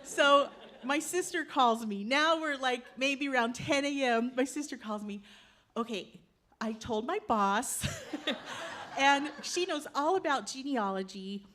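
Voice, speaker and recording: A woman telling a true personal story on stage, lively and animated, acting out the voices of her family. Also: high voice, unhurried, a little hiss or hum. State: tearful while telling.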